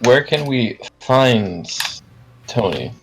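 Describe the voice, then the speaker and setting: A man's voice: mid-range voice, very animated, extremely slow, crowd noise, rough recording. A man playing a tabletop role-playing game, joking and hesitant, with some swearing. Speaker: player. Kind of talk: casual tabletop game play.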